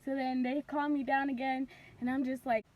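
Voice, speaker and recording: A young woman telling a casual storytime vlog, rambling with lots of "like" and bursting into loud cries when she acts out moments. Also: sits high, level tone, normal speed. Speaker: vlogger.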